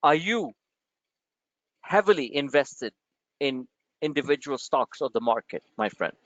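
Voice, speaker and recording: A man's voice: mid-range voice, a little slow, dry recording. A male trading show host talking brashly and with jokes through a live market webinar, calling his listeners "my friend". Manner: animated, brash and joking, addresses listeners as "my friend". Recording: dry, dull lo-fi stream audio.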